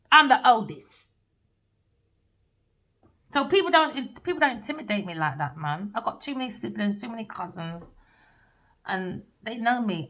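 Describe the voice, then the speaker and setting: A woman's voice: medium pitch, a bit bright. A woman giving a casual tarot reading in a blunt, profane, ranting way. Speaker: tarot reader. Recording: dull lo-fi recording.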